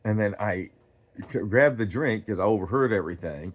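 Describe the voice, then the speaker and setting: Profane, rambling low-voiced man. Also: lively intonation, brisk. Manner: profane, rambling storytelling, loud when reenacting quotes. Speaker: streamer. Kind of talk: casual rant.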